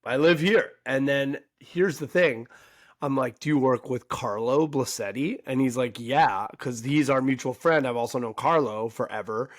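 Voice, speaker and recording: A man's voice: mid-range voice, moderate pace, no echo, clean studio sound. A man in his forties, a podcast co-host, telling a story in casual chat and acting out the quoted voices. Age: 40s.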